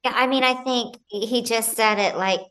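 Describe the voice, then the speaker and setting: A woman talks on a video call with a bright, forceful voice. She tells her stories with animation, jumping into the voices of the people she quotes. The tone is casual, like an interview chat. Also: on the high side, moderate pace, clean tone, poor audio. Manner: animated storyteller, acts out quotes. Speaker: actor guest.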